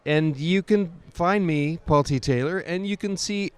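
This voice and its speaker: A man's voice: fairly high pitch, unhurried, clear, resonant tone. A man being interviewed as an actor, chatting casually and rambling a bit, joking about himself. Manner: rambling, chatty, self-deprecating. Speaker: actor guest. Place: convention.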